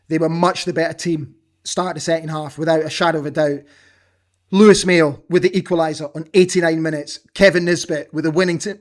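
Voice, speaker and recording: A middle-aged man hosting a football watch-along, commentating live and cheering on his team. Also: a little high. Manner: excitable, shouts and cheers at big moments. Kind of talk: live match commentary and chat.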